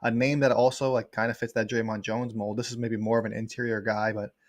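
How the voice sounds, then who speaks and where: Fast-talking man, dry close sound. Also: fairly low pitch, little pitch movement, no room sound. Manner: quick, rambling with many fillers. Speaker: guest sports writer. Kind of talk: casual livestream chat.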